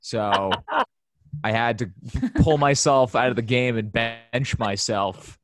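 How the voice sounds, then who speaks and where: A man's voice: medium pitch, slow pace, dry recording, clean studio sound. A young man, a guest on a video call, sheepishly telling a rambling story. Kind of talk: casual video-call chat.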